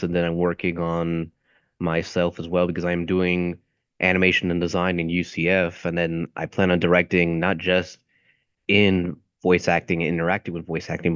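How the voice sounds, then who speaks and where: A man's voice: low-pitched, no room sound. A young man, an aspiring voice actor, chatting casually on a stream and rambling as he searches for words. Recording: dull lo-fi mic.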